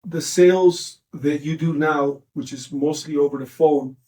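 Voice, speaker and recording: A man's voice: on the high side, steady tone, measured pace, darkish tone. A middle-aged man hosting a podcast, interviewing his son and encouraging him with leading questions. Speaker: podcast host, the guest's father.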